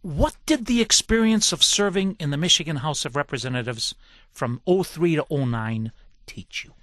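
A man hosting a radio talk show, interviewing a guest in the studio with measured questions and introductions. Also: a little high, lively intonation, a bit bright, no room sound.

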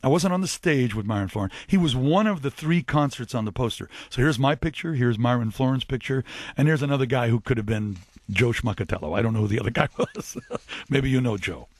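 A man who is a musician and a radio guest, telling chatty, animated anecdotes with false starts. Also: mid-range voice, a little fast, no echo. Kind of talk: anecdotal storytelling.

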